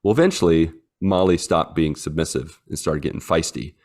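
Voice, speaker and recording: A man's voice: extremely low pitch, brisk, a little mellow. A man in his thirties, co-hosting a podcast in casual chat, telling a rambling story full of fillers. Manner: rambling storyteller, many fillers, acts out his dogs in silly voices. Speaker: podcast co-host.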